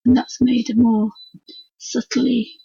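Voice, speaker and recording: A woman with a Yorkshire accent and a hoarse, croaky voice chats in a homely, rambling way while she demonstrates painting on a live stream from her desk at home. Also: a little high, level tone, slow pace, dark tone, no echo. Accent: Yorkshire English. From Yorkshire, England. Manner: homely, rambling, talks to her dog and viewers. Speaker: craft tutor streaming live. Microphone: computer mic for a live stream. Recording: dull lo-fi live stream audio.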